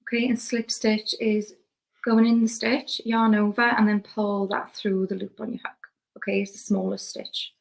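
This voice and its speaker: Welsh woman teaching crochet, gravelly. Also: mid-range voice, normal speed, low-quality recording. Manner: relaxed, chatty, talks while working with hands. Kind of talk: step-by-step craft demonstration.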